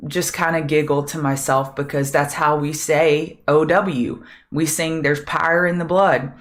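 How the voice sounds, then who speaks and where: A middle-aged woman hosts a live trading show with a low voice that sounds a little scratchy today. She chats with viewers by name and thinks aloud as she looks over charts. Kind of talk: live market prep chat with viewers.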